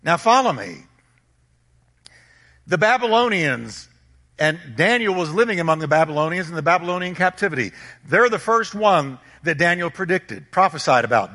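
A male pastor delivering an emphatic sermon in a high, bright, forceful voice. He hammers his points home with repetition and rhetorical questions. A long reverb trails behind him, as if in a large hall. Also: expressive, moderate pace. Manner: emphatic, repeats phrases, rhetorical questions to the congregation.

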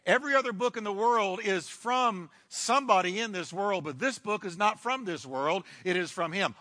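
A male pastor preaching a sermon emphatically, with sweeping shifts in pace and dramatic pauses, in a church. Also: high voice, sharp tone. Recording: long hall reverb.

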